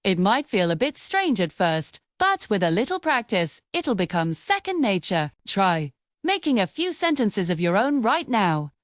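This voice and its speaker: A woman narrating a scripted English lesson, explaining grammar clearly and patiently with sing-song emphasis. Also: medium pitch, very animated, measured pace, no room sound, clean studio sound. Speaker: English teacher.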